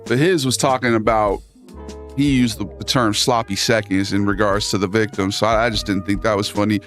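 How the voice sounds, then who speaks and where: Faint music sits under a man's fairly low, steady, slightly bright voice as he hosts a live stream at a fairly quick pace. He reads chat and talks back casually, with sarcasm and slang.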